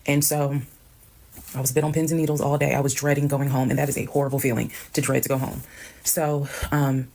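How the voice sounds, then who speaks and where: A woman telling a personal story in a casual storytime monologue, brisk and matter-of-fact, acting out the people she quotes. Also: extremely low pitch, level tone, gravelly, mellow. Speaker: storyteller recounting her own experience.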